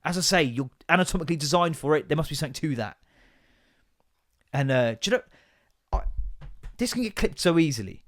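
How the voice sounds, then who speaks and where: Sweary, animated podcast host. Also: male voice, fairly high pitch, fairly quick, long pauses. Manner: sweary, sarcastic, animated storytelling. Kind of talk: casual solo podcast rant.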